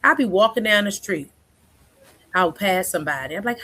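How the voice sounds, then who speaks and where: A woman's voice: mid-range voice, lively intonation, moderate pace, pushed and bright. A woman in her forties, a counselor, talking as a guest in a casual, chatty way and often checking in with "right?". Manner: chatty, keeps asking "right?", acts out quoted speech. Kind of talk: casual conversational interview.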